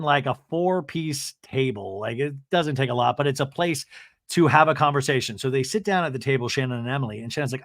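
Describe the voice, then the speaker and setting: A man's voice: a little high, a bit bright, dry recording, clean studio sound. A man hosting a podcast, recapping in a chatty, gossipy storytelling way. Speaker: podcast host. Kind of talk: casual recap commentary.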